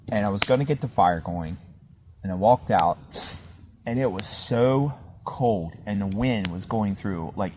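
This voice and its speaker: Sitting by the fire at a winter campsite, this male podcast host spins a rambling story packed with chuckles and filler words. His pitch is fairly low and his tone darkish, with a little hiss or hum in the recording.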